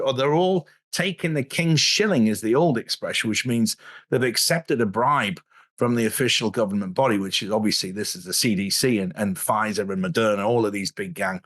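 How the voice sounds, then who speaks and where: A man in a casual video interview, telling stories in an animated way and often chuckling mid-sentence. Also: medium pitch.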